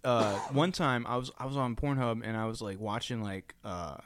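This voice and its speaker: A man's voice: mid-range voice, normal speed, a bit bright, no room sound. A man co-hosting a podcast, rambling and laughing, with casual swearing. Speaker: podcast co-host. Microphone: studio microphone.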